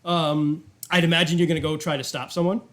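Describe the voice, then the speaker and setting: A man's voice: fairly high pitch, flat delivery, a little fast, a bit bright. A man narrating as game master in a tabletop role-playing game, casual with lots of fillers. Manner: casual, rambling, many fillers.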